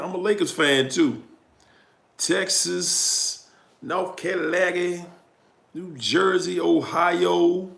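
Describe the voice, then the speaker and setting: Gravelly slow-talking DC livestream host. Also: male voice, fairly high pitch, fairly bright tone. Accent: Washington DC. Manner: greets viewers by location, drawn-out hype. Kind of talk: casual livestream chat. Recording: roomy echo with music behind. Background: music playing.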